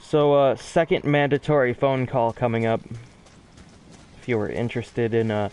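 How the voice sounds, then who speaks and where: A man's voice: mid-range voice, normal speed, darkish tone, slight background noise. A man giving chatty, self-deprecating commentary during a game speedrun, often restarting his sentences. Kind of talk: casual gameplay commentary.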